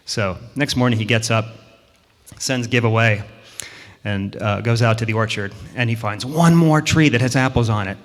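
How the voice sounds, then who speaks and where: A man telling a children's story at church in a relaxed, lightly rambling way. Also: medium pitch, normal speed. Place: church sanctuary. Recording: long hall reverb.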